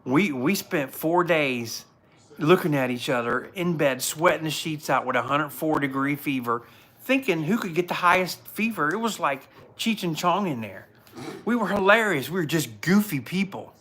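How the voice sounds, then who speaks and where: At normal speed and a little high in pitch, his tone comes across fairly bright. The speaker, a police officer in his forties, hosts a casual livestream from home and tells earnest, rambling stories that keep restarting.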